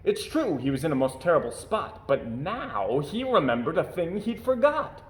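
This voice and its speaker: A man reading a rhyming picture book aloud with an expressive, rhythmic delivery. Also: fairly high pitch, normal speed. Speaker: storyteller. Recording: echoey room.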